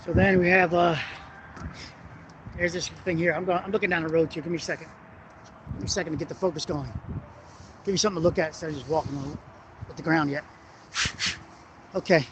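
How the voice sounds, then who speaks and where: High-pitched guy walking a bridge at night explaining stuff, rambly, cusses, wind and traffic loud on the cam. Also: fairly even intonation, quick pace, long pauses, muffled recording. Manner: rambling, hesitant, swears when annoyed. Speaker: construction engineering vlogger. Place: outdoors on a city bridge at night. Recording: noisy outdoor wind and traffic.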